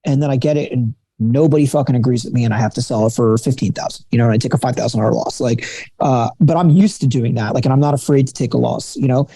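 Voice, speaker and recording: A man talking shop about watches in a relaxed, candid way, full of fillers and the odd curse. His voice is mellow and warm, and the recording is dry and close. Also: medium pitch, fast, gravelly, no echo. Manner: candid, swears freely, lots of fillers. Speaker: watch dealer, podcast guest. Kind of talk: casual conversational interview.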